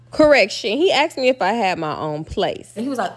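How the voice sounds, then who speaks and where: A young woman telling a personal story in a slangy, animated way, acting out what people said. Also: mid-range voice, brisk. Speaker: storytime vlogger. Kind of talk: casual storytelling.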